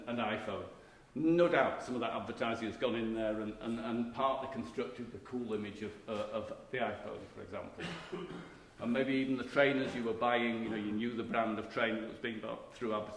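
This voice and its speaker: A middle-aged man delivers a conference lecture in a mid-range voice, emphatic and conversational, often restarting his phrases. The recording carries the roomy echo of a hall, with a faint hum of noise underneath. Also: mid-range voice. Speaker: keynote speaker, marketing professor.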